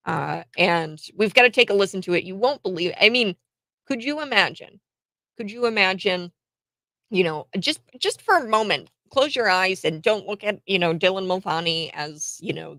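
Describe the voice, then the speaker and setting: A woman's voice: fairly low pitch, sharp tone, dry recording. Woman commentary host, rural US upbringing, sarcastic and chatty, dry close recording. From rural United States. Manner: chatty, sarcastic, laughs often. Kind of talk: opinionated commentary.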